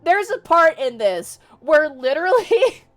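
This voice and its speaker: A young woman streamer casually retelling a novel for her chat, animated and exasperated, swearing freely. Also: high-pitched, unhurried. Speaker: VTuber streamer. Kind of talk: casual livestream book retelling. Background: faint music.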